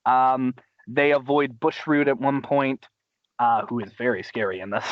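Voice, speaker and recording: A man's voice: mid-range voice, steady tone, unhurried, no echo, highs cut off. A man hosting a casual podcast, recapping episodes with enthusiastic, rambling talk. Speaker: podcast host. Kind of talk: casual chat.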